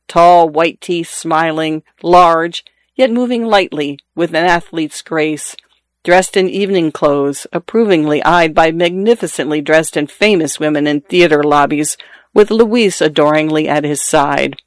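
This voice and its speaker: A man reading a literary short story aloud in a measured, even narrating manner. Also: on the high side, no room sound. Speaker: audiobook narrator.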